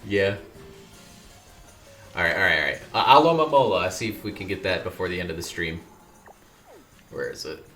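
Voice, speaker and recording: A man's voice: deep voice, expressive, normal speed, long pauses, bright, forceful tone, soft background music. A man streaming a game, chatting casually and joking while he plays. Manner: laid-back, joking, talks to himself while playing. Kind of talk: casual gaming chat.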